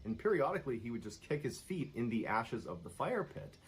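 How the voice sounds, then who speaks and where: A man narrating a true-crime style scary story in a steady, suspenseful storytelling manner. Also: mid-range voice, a little fast, a little hiss or hum, poor audio.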